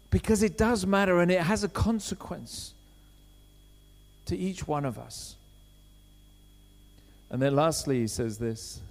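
A man preaching a sermon in a conversational way, swinging from quiet asides to loud urgent appeals. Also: mid-range voice. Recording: long hall reverb.

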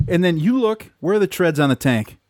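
A man's voice: high-pitched, animated, fairly quick, darkish tone, no echo, clean studio sound. A man in casual chat as podcast co-host, cutting in with wry remarks and teasing questions.

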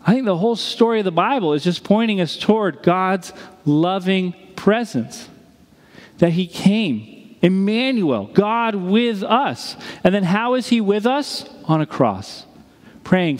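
A man preaching a sermon as a pastor, telling a story with dramatic pauses. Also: high-pitched, sing-song, big-room sound.

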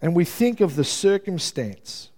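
A man's voice: a little high, big pitch swings, a little slow, darkish tone. Earnest man preaching a conversational sermon. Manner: earnest, checks in with the congregation with "yeah?"; builds intensity, stumbles and repeats himself when moved.

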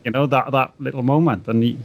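A man's voice: mid-range voice, steady tone, fast, gravelly, no room sound. Dry-sounding man telling a rambling story. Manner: rambling, anecdotal, many restarts and laughs. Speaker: wedding photographer, guest. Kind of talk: casual podcast chat.

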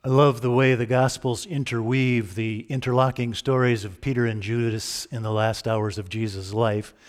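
Speaking at a normal speed with fairly even intonation, a man with a mid-range voice delivers a sermon in a chatty way. He keeps turning to the audience with direct questions.

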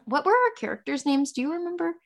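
A young woman hosts a casual podcast chat, her voice sitting high. She tells her stories in a loose, rambling way, circling back with fillers and restarts as she goes. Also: quick pace, creaky. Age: young adult. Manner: rambling animated storytelling, many fillers and restarts. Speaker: podcast host.

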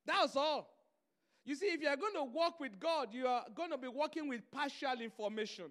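A man's voice: very high-pitched, animated, moderate pace, fairly bright tone. A man preaching a sermon, telling stories and driving his points home through emphatic repetition.

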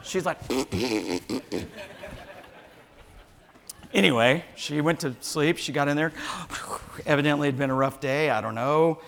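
A man in his sixties telling a funny story in a sermon, animated and jokey, acting out voices. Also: a little high, moderate pace, slight background noise. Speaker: pastor.

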